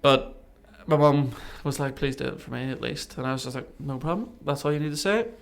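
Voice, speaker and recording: Male guest, gravelly, mid pitch, animated storyteller. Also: brisk. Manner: animated, acts out remembered dialogue. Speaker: podcast guest. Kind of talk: casual storytelling interview.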